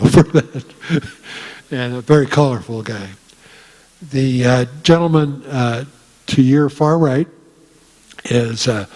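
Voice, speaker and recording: A man's voice: medium pitch, a little mellow. Older man telling stories in a hall. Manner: folksy storytelling, frequent "uh" pauses. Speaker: guest speaker. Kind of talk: casual talk to an audience. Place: meeting room. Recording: reverberant hall.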